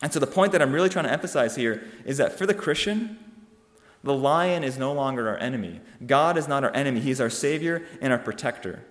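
Male preacher, mid-pitched, emphatic rhetorical style, recorded in a reverberant hall. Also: lively intonation, quick pace. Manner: emphatic, rhetorical questions, rising to loud peaks. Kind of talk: sermon.

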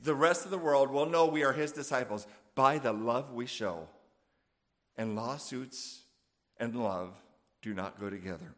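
A man's voice: mid-range voice, unhurried, a bit bright. A man preaching a sermon in a conversational way, often checking in with "right?" and "you know". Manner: conversational, with frequent fillers and "right?" asides.

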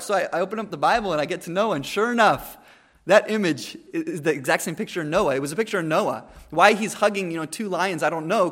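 Young male preacher, high-pitched, conversational sermon delivery with restarts. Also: a bit bright. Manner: conversational, with many restarts and acted-out quotes.

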